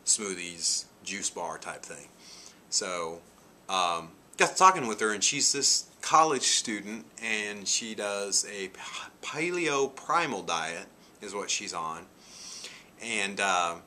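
A vlogger in his forties chats casually with his audience, telling a rambling story full of "you know." His low voice is bright and forceful, with a slight hiss or hum.

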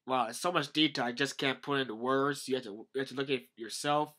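Man, casual manga review, rambling, enthusiastic, bright forceful tone, mid pitch. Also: steady tone, fast talker. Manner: rambling, enthusiastic, heavy use of "like".

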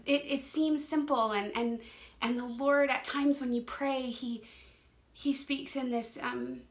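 A woman's voice: sits high, a little slow. A young woman teaching a Bible study in a casual, earnest way, laughing often and repeating words as she talks.

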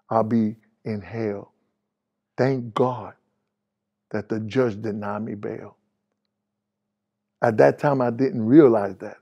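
A man's voice: mid-range voice, creaky, warm tone, breathy edge. A man giving his spoken testimony as a preacher, candid and plainspoken with street phrasing, rising animatedly when he retells conversations.

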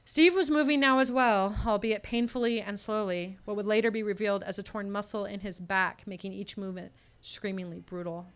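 A woman's voice: mid-range voice, steady tone, fairly quick, few pauses. A woman telling a personal story at a live storytelling showcase, voicing the people in it as she goes. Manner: personal story told with tense quoted dialogue.

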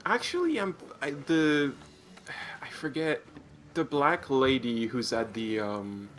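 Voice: mid-range voice, animated, takes it slowly, faint music behind. A native French speaker with a French accent, chatting on a gaming stream in a modest, earnest way. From France. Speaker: stream guest player. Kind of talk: casual gaming chat.

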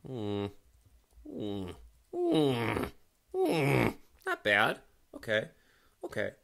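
A man with a bright, forward voice talks loosely over his gameplay in casual let's-play commentary. He rambles from one thought to the next, swears freely and pokes fun at himself. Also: medium pitch, wildly swooping pitch, extremely slow, vocal fry. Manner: rambling, profane, self-mocking. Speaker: gaming video host.

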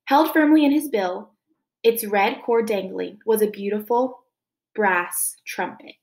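A woman teacher reads a chapter book aloud, giving the scenes plenty of expression. Her voice sits a little high. She pauses now and then to speak to the children.

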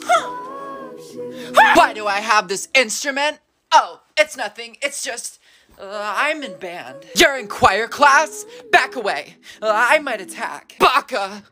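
A man's voice: very high-pitched, very animated, takes it slowly, bright, forceful tone, soft background music, heavily acted. A man playing a shy, anime-obsessed teenage boy in a comedy sketch, mumbling awkwardly and then snapping defensively. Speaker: comedy creator.

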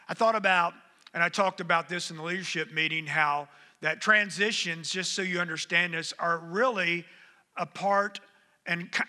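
A man's voice: a little high, sharp tone. A middle-aged man preaching a sermon, talking conversationally and calling out to the congregation. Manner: conversational, engages the congregation with "come on". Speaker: pastor. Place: church sanctuary. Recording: long hall reverb.

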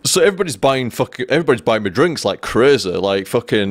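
Young male streamer, casual rambling storyteller, mid-pitched voice, dry close sound. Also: very animated, fast talker, no room sound. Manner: rambling, profane, restarts often.

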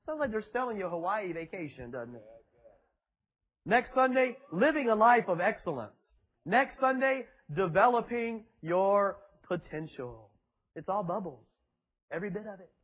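A man's voice: high-pitched, animated, moderate pace, breathy edge, dull audio. A male preacher, preaching a sermon in a mocking, sarcastic way with emphatic repetition, in a church with children present.

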